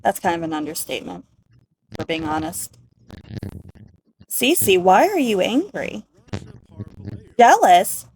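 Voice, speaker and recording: A woman giving casual, excitable commentary over a life-sim game, gushing and giggly. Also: fairly low pitch, unhurried, long pauses, slight background noise, rough recording. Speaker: gaming creator.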